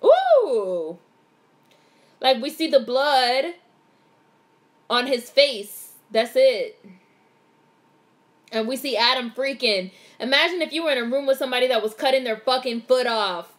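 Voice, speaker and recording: A young woman vlogger giving a casual live movie reaction, excitable and swearing freely as she narrates what happens on screen. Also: high voice, a little slow, long pauses.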